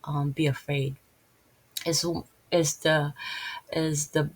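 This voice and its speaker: A middle-aged woman from the Philippines with a Filipino accent, rambling earnestly in an unscripted vlog, with halting restarts and many fillers. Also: low voice, little pitch movement, rough recording. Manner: earnest, openly emotional about faith. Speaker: vlogger and massage therapist. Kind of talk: unscripted casual vlog talk.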